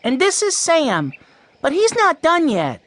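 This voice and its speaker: An excitable little boy, as a man puts him on. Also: very high voice, unhurried, no echo, pitched above the performer's own voice, full character voice. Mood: excited. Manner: eager and exclaiming. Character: excitable hungry six-year-old boy.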